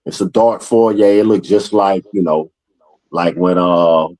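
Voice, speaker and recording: Deep-voiced rapper guy, laid back and slangy, very dry close sound. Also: a little slow, a little mellow, no room sound, rough recording. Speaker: guest, rapper. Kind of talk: casual storytelling in a conversation.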